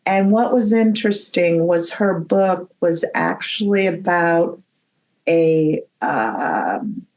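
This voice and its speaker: A woman's voice: lowish voice, expressive, takes it slowly, a little mellow, dull audio. A woman, a guest medium, telling rambling, chatty stories in a podcast conversation with frequent laughs.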